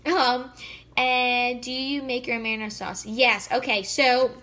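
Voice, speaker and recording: Woman, 30s, bubbly casual chat, many fillers, home kitchen, bright tone. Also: fairly high pitch, flat delivery, unhurried, a little hiss or hum. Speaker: fitness vlogger. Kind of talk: casual live cooking chat.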